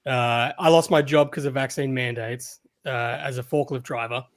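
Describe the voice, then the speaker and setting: A man's voice: mid-range voice, steady tone, moderate pace. An Australian man guesting on a podcast, speaking casually and hesitantly with many fillers. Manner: hesitant, many ums and restarts. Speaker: guest content creator. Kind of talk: casual interview.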